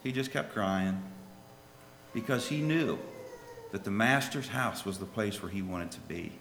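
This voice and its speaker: A man preaching a sermon and telling a children's story, swinging from soft, low asides to loud, high pleas. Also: unhurried, gravelly, background noise. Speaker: lay preacher. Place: church. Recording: echoey hall with faint ambience.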